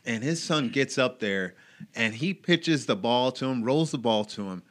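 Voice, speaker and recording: A man's voice: mid-range voice, lively intonation, normal speed, fairly bright tone. A man in a casual podcast conversation, telling stories animatedly and acting out the voices of the people he quotes. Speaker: guest.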